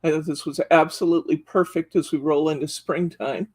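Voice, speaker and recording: A woman's voice: deep voice, fairly even intonation, fairly quick, darkish tone, husky. A woman hosting a live craft store show-and-tell, enthusiastically describing card stock packs and counting sheets aloud as she flips through them. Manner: enthusiastic, gushing over products.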